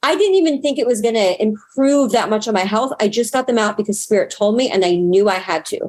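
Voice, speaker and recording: A woman's voice: medium pitch, expressive, fast talker, darkish tone. A woman guest in an interview, telling a personal story in an earnest, talkative way. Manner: earnest, talkative, acts out past moments in quotes.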